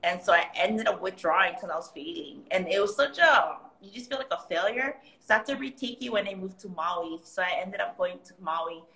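A woman's voice: fairly low pitch, a little fast, hardly any pauses. A young Hawaiian woman with a Hawaiian accent, chatting as a guest, telling stories with lots of laughter. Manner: animated storyteller, laughing often, slipping into pidgin voices. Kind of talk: casual chat. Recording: roomy echo.

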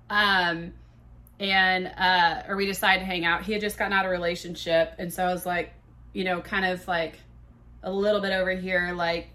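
A woman in her thirties, a podcast host, telling a candid, profane story in a casual, animated way. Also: on the low side.

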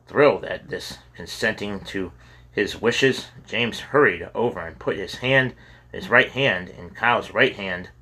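Husky, bright-toned male storyteller. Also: lowish voice, a little slow. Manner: steady storytelling with occasional stumbles. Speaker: audiobook narrator. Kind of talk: storybook reading aloud.

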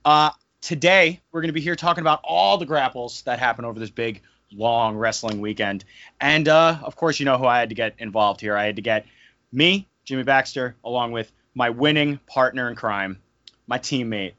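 A man's voice: mid-range voice, moderate pace, sharp tone, no room sound. A man hosting a casual podcast, joking around and slipping into hyped announcer bursts. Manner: jokey, hyping announcer bursts. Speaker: podcast host. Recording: dull lo-fi audio, dry.

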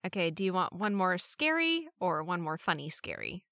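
A woman co-hosting a casual podcast, chatting and reading listener stories aloud. Her voice sits a little low, and her delivery is wry and amused. The recording is dry and close, with no room sound. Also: sing-song, moderate pace, sharp tone, no room sound.

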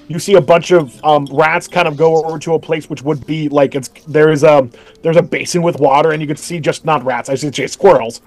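High-voiced, rambling game master. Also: male voice, steady tone, a little fast. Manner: rambling, self-correcting with fillers. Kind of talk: narrating a tabletop game.

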